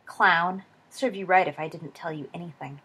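A woman voicing a sharp-tongued teenage schoolgirl who speaks tartly. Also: on the low side, normal speed, slightly rough, exaggerated voice. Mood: smug. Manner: tart, acerbic.

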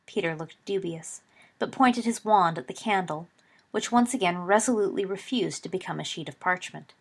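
A woman narrating a story in a steady, even reading voice. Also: lowish voice, moderate pace, breathy edge.

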